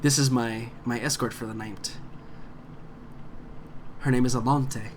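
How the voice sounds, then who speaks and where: A man's voice: medium pitch, fairly even intonation, slight background noise, natural voice. Man voicing a suave scheming businessman. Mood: smooth, courteous. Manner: formal, measured, polite phrasing. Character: suave male alien businessman, courteous, calculating.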